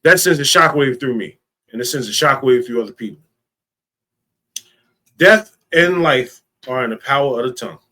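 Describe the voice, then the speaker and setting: A man's voice: mid-range voice, animated, moderate pace, pauses often, sharp tone. A man leading an informal teaching talk, speaking emphatically and repeating his key phrases.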